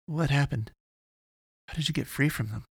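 A man putting on a stern, guarded young woman in an audiobook, her voice lifted well above his own low, gravelly tone. She speaks curtly, with grudging concern under the firmness. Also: moderate pace, no echo, clean studio sound, heavily acted.

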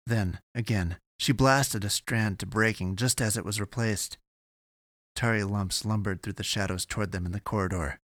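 A man giving steady, measured scripted narration of an audiobook. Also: on the low side, dry recording, clean studio sound.

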